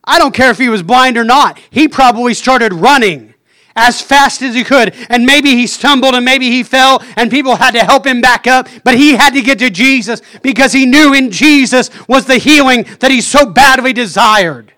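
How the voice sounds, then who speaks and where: A man preaching with fervour, with a high voice that rings bright and clear. He breaks up his phrases with frequent "Amen"s. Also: normal speed. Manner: fervent, punctuates phrases with "Amen". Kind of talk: sermon.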